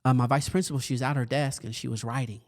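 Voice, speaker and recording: A man in his thirties giving a storytelling talk to educators, acting out his younger self with a raised, lively voice. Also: medium pitch, fast talker. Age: 30s. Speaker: speaker for educators.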